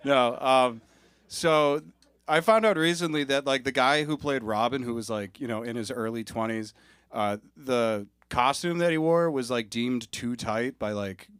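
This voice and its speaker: A man's voice: medium pitch, unhurried, fairly bright tone, clean tone, no room sound, studio quality. A man hosting a comedy showcase on a club stage, bantering loosely between acts and hyping up the next comic. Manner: rambling, hype-building banter. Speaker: emcee host.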